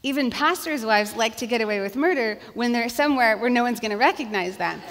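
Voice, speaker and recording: A woman, a pastor's wife, telling a funny story to a church audience in an animated, chatty way, full of "like" and "you guys.". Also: a little high, brisk. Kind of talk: humorous storytelling talk to an audience. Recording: long hall reverb.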